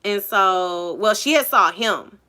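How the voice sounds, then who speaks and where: A woman's voice: mid-range voice, animated, slow pace, pushed and bright. A woman telling a personal story in a casual vlog, chatty and candid, full of "like" and "you know".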